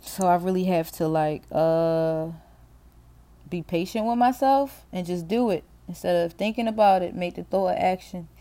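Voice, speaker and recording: A middle-aged woman with a fairly low, warm voice speaks at normal speed while hosting her own podcast. Her casual solo monologue is rambling and candid, as though talking to herself, with plenty of swearing and frequent laughter.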